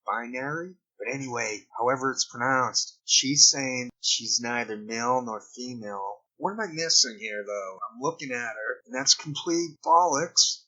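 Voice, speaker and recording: A man's voice: mid-range voice, normal speed, hardly any pauses, sharp tone, highs cut off. A man vlogging in an improvised, rambling way full of digressions and wry asides. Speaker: video blogger. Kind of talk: improvised commentary vlog.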